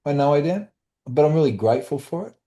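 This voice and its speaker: Middle-aged male guest, warm low-key timbre, halting storyteller, quotes others in passing. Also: lively intonation. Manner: halting, with restarts and brief quoted voices. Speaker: guest, author and trauma survivor. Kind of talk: candid storytelling in conversation.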